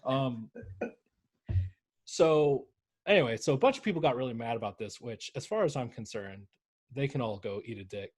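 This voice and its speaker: A man co-hosting a casual sports podcast. He talks in an animated, mocking way and keeps jumping into exaggerated voices to make fun of people. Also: mid-range voice, normal speed, long pauses, husky. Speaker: podcast co-host. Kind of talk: casual chat.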